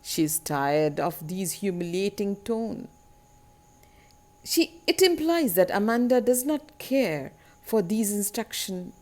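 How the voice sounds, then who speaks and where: A woman teacher giving a literature lesson on a poem, explaining slowly and deliberately, repeating key words and asking rhetorical tag questions. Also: medium pitch, very animated, darkish tone.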